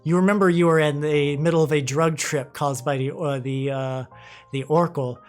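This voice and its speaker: A man narrating a tabletop game as game master, laid-back and profane, stumbling over quick restarts. Faint music plays behind him. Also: a little high, steady tone.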